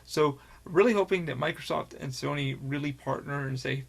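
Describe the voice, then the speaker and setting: A man's voice: on the high side, steady tone, fairly quick, creaky, slightly rough. A man hosting his own show, talking in a loose, rambling monologue and swearing freely. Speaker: podcast host.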